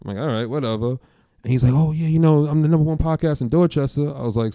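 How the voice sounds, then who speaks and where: A man in a casual chat, telling an animated story full of slang and acting out what people said, with a laid-back street way of talking. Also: fairly high pitch, fast, dry recording.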